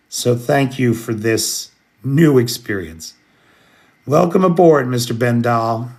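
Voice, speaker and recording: A man's voice: medium pitch, gravelly. An American man hosting a late-night livestream, chatting casually and greeting viewers by name. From United States. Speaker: livestream host. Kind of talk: casual live chat, answering viewers.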